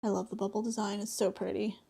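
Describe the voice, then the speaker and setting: A young adult woman chats casually while streaming herself crafting, laughing a lot and performing the dialogue in the stories she tells. She talks fast at a medium pitch with little rise and fall, and her voice is mellow and husky with some vocal fry.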